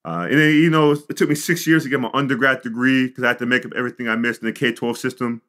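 Bright-voiced, animated middle-aged man. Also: mid-range voice, quick pace. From Chicago suburbs, US. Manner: animated storyteller, acts out quotes; frequent "you know" and "like". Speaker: podcast guest. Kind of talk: storytelling interview.

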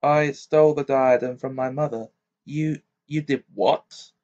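A man's voice: mid-range voice, steady tone, a little slow, a little mellow, lightly acted. A man reading the lines of a proud, bitter female ghost in an amateur audiobook, with a stiff, clipped delivery. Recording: dull lo-fi recording.

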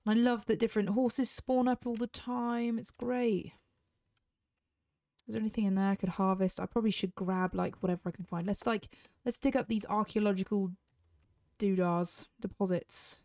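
British woman gamer, casual chatty commentary, close dry sound, mid-pitched. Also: steady tone, moderate pace, dark tone, dry recording. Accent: British English. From Britain. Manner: chatty, talks straight to viewers. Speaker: gaming YouTuber.

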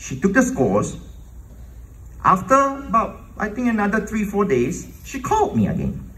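A man from Malaysia, a composer telling a lively testimony story and acting out the dialogue. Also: sits high, moderate pace, far from the mic, poor audio. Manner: animated, acts out dialogue.

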